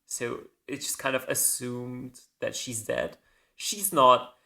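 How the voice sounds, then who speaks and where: A man's voice: mid-range voice, slow pace, gravelly, bright, forceful tone. A man hosting a casual solo podcast, rambling and correcting himself as he goes, with the odd casual swear. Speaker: podcast host.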